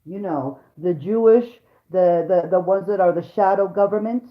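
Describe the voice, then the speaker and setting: At normal speed and fairly low pitch, a mother who vlogs delivers an angry, profane rant directly to her viewers. The recording is roomy, dull, and lo-fi.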